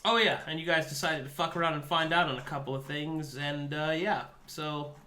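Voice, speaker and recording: A man's voice: fairly high pitch, fairly even intonation, moderate pace, sharp tone. A man running a tabletop game as game master, recapping events in a wry, teasing way.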